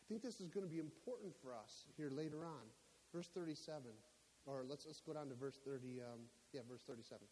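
A man preaching a sermon in a church, emphatic and climbing to near-shouts on his key points. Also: a little high, fairly quick. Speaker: pastor. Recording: echoey hall with faint hiss.

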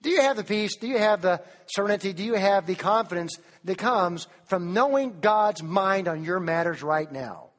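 A preacher from Tennessee, delivering an animated sermon that keeps putting questions to the congregation and quotes King James scripture. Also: sits high, normal speed, few pauses, long reverb tail.

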